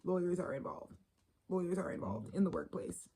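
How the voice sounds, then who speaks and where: A woman's voice: lowish voice, animated, moderate pace, vocal fry, warm tone, slightly rough, rough recording. A woman giving a casual tarot reading, blunt and profane, rambling and sometimes dropping into a whisper. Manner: drops into whispers. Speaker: tarot reader.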